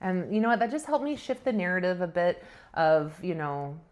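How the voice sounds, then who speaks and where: A woman's voice: lowish voice, big pitch swings, moderate pace. A woman host of a spiritual vlog telling a personal story in a chatty, self-mocking way, laughing often. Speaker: spiritual vlogger.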